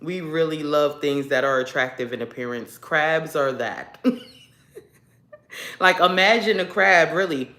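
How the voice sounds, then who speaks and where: A woman's voice: low-pitched, measured pace, pushed and bright. Congested woman rambling in a roomy echo. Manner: rambling storyteller, laughs often. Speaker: livestream host. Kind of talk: casual chat with viewers.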